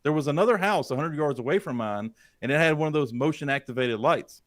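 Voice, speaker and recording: A man's voice: fairly high pitch, quick pace, no room sound, clean studio sound. A man co-hosting a podcast, telling a creepy first-person story with lots of swearing and questions to the listeners to build suspense. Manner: suspenseful, profane, asks the audience questions. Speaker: podcast co-host. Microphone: studio dynamic mic.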